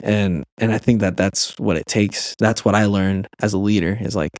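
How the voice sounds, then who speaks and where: A man's voice: fairly low pitch, fairly even intonation, normal speed, no room sound. A man on a podcast as a guest and youth camp leader, telling a personal story in an earnest way, with many restarts and fillers.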